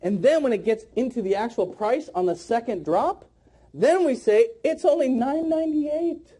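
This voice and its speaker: Animated, mellow-voiced male sales trainer. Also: moderate pace, husky. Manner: emphatic, acts out sales pitches; blunt, occasional swearing.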